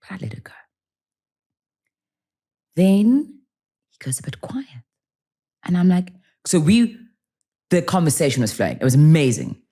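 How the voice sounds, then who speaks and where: A woman in her forties, a podcast guest telling stories in casual interview talk, animated and acting out bits of dialogue. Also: low-pitched, measured pace, long pauses, husky. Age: 40s.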